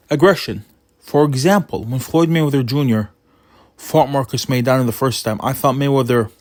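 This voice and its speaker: A man giving his opinionated casual commentary on a boxing result, getting animated as he retells funny moments. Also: mid-range voice, no echo, clean studio sound.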